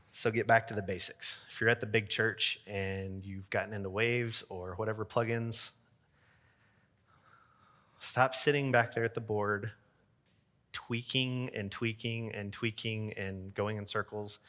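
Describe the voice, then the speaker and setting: Bright-voiced man giving a casual tech talk. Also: on the low side. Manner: chatty, filler-heavy, joking asides. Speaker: church sound engineer giving a talk.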